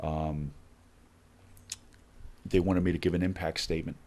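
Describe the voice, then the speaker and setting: A middle-aged man with a very low voice recounts his experiences as a podcast guest. He acts out the dialogue in lively turns, speaking in conversational bursts. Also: measured pace. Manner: animated storyteller acting out dialogue. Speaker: guest, former hostage negotiator. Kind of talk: storytelling in a podcast interview.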